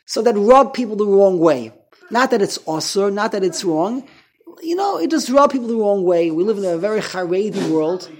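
A man's voice: high voice, animated, moderate pace, slight background noise. A man teaching an informal Torah class, chatty and rambling, often restarting his sentences. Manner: rambling, self-interrupting, frequent restarts. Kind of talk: informal Torah lecture to a small group.

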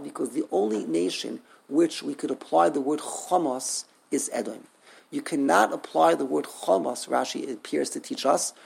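A man's voice: a little high, gravelly, a little mellow, slightly rough. A man teaching a text study class, thinking aloud, repeating words and asking rhetorical questions.

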